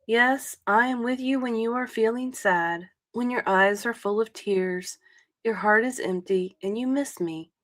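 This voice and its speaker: Woman reading a tender passage aloud. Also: fairly high pitch. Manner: soft, tender, measured delivery.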